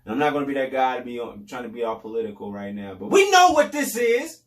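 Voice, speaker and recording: A man's voice: medium pitch, very animated, fast, recorded from a distance. Man talking loosely in an echoey room. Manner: loose, repetitive, sarcastic asides. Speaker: podcast host. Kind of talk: casual commentary monologue.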